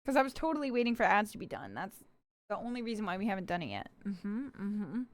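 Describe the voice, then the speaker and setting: A woman's voice: mid-range voice, sing-song, fast. A young woman streaming live, chatting casually and giggling with her viewers, slipping into a cutesy puppy-girl act. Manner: bubbly, giggly, talks to chat and plays a cutesy puppy-girl persona.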